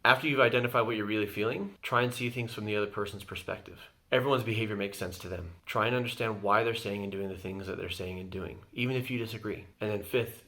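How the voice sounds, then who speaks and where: A man's voice: fairly low pitch, fast talker, hardly any pauses, pushed and bright. A man, a therapist hosting his channel, talking through conflict steps in an earnest, explanatory way. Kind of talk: reaction video commentary, advice.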